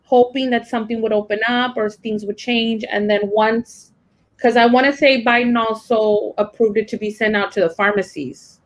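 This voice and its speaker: A young woman teacher with a fairly high voice gives a casual personal account, candid and emotional, at a moderate pace and steady tone. She rambles with many fillers and loose restarts, and the audio quality is poor.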